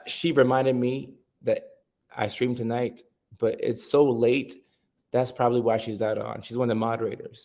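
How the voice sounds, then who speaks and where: A man hosting a casual livestream, chatting with viewers, reading their comments aloud and repeating himself in a relaxed way. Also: medium pitch, gravelly. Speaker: livestream host.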